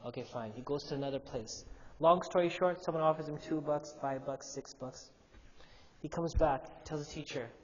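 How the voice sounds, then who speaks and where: A man's voice: on the high side, normal speed. A male imam giving a youth sermon in a mosque hall. He tells a story with animation and asks the audience questions. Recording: dull, echoey hall recording with faint hum.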